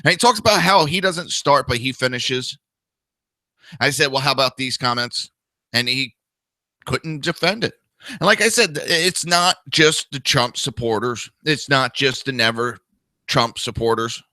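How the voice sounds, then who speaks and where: In a dry recording, a New Jersey-accented political talk show host delivers an opinionated monologue that's blunt, crude and combative. His mid-range voice sounds pushed and bright, animated but a little slow, and he mocks others with whiny impressions.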